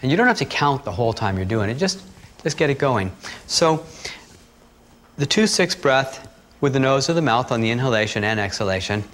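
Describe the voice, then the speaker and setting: A man teaching breathing techniques, talking calmly and steadily through guided instructions. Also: mid-range voice, a little fast. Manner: calm, steady instructional talk with asides.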